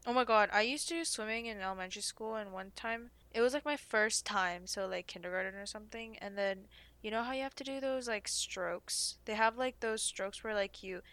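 A woman's voice: medium pitch, brisk. A young woman co-hosting a podcast, telling stories in casual chat with lots of fillers. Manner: animated storytelling, lots of fillers. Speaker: podcast co-host.

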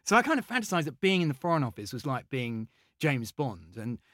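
A man's voice: medium pitch, fairly quick, no room sound, studio quality. A man from England, a mathematician guest in an interview, telling stories eagerly with lots of ums, uhs and restarts. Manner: eager, animated storytelling with many fillers and restarts. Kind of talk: conversational interview storytelling.

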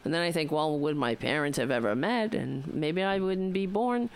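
Woman talk radio host, New York accent, rambling and wry, smooth clear voice. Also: low voice, expressive, moderate pace. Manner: rambling, wry, talks to listeners directly. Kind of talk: casual political talk radio monologue.

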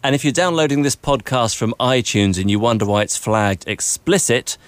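A man's voice: mid-range voice, animated, normal speed, clear, resonant tone, no room sound. A man hosting a casual podcast interview, asking questions with small hesitations. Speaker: podcast host.

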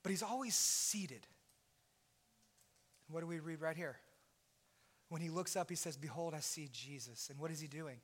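A man preaching a sermon as pastor, impassioned and at times shouting. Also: on the high side, normal speed, long pauses.

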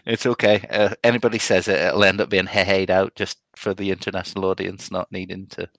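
A man's voice: low-pitched, flat delivery, brisk, a bit bright, dry recording. A man hosting a casual podcast chat, chatty and hesitant, laughing often. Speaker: podcast host.

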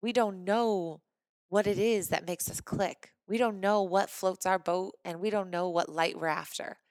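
Chatty, animated woman from Missouri, dry sound. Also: mid-range voice, unhurried, dry recording. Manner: animated, chatty, frequent "like" fillers. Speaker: podcast host. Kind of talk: casual storytelling monologue.

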